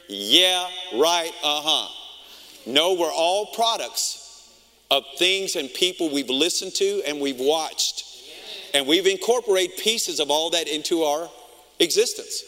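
Middle-aged male pastor, high bright voice, lively storyteller, long reverb of a church hall. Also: slow pace. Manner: animated storytelling, acts out his own reactions. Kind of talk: sermon.

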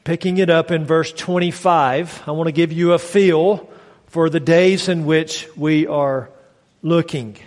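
Emphatic preacher in a reverberant hall. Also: male voice, fairly high pitch, fairly even intonation, a little slow, a little mellow. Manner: emphatic preaching with call-and-response prompts. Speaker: pastor. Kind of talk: sermon. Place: church sanctuary. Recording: long reverb of a large hall.

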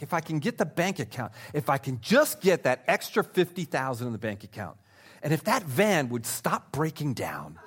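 A male pastor delivers a sermon in a slightly high voice that rises and falls with lots of movement. He speaks straight to his listeners like he's talking with them. He punches some lines loudly and drops others to a hush. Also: slightly rough. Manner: animated, swings from loud emphasis to hushed asides; conversational, speaks directly to listeners.

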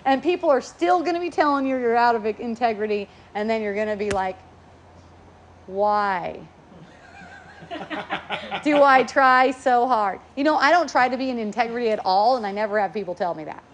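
Middle-aged woman, high voice, casual spiritual teacher, playful, laughs often. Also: lively intonation, moderate pace.

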